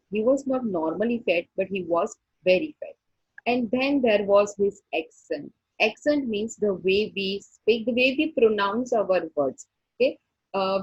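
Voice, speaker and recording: A woman, teaching a story and explaining each line slowly, repeating points and checking with "okay". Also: on the high side, a little mellow, slightly rough, dry recording, lo-fi sound. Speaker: English teacher. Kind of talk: classroom lesson explaining a story.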